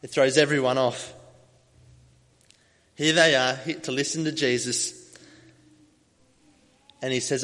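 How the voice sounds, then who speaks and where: A man's voice: medium pitch, takes it slowly, pauses often. Man preaching in a reverberant hall. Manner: storytelling, animated, acts out voices in the telling. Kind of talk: sermon.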